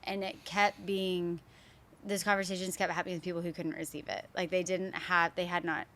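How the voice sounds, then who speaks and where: A woman's voice: lowish voice, little pitch movement, fairly quick, fairly bright tone. A woman interviewer and counselor in a casual interview, encouraging and affirming.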